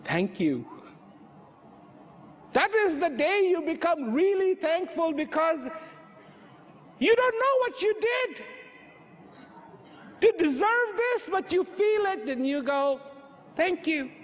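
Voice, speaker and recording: A man giving an inspirational talk on inner peace, slow and reflective, repeating phrases for emphasis. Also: extremely high pitch, sing-song. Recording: hall reverb with faint ambience.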